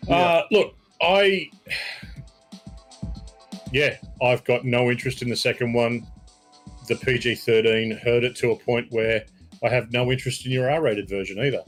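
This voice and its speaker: A man's voice: medium pitch, measured pace, long pauses, soft background music. A man reviewing a film as a podcast guest, blunt and dismissive, with some swearing. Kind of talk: casual chat.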